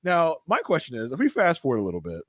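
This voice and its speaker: A man in casual podcast chat, breaking down a TV episode. His voice swings widely in pitch as he mimics the characters. The sound is close and dry, with no room around it. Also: quick pace, no echo. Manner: animated, acts out characters' lines in mocking voices. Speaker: podcast co-host.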